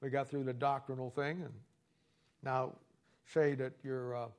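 A man's voice: medium pitch, little pitch movement, unhurried, clear, resonant tone. A man teaching a Bible study as a sermon, combative and mocking, rambling with frequent restarts and repeated words. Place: church or studio with a wall sign.

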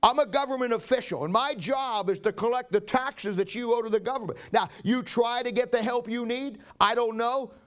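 A man's voice: very high voice, a little fast, hardly any pauses, pitched above the performer's own voice. A man preaching voices an apologetic but firm tax collector who stammers.

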